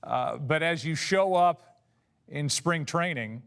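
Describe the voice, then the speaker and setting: A man's voice: fairly high pitch, lively intonation, slow, creaky, fairly bright tone, smooth. A man hosting an interview, recapping his guest's career and asking questions in a conversational way. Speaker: interviewer, host.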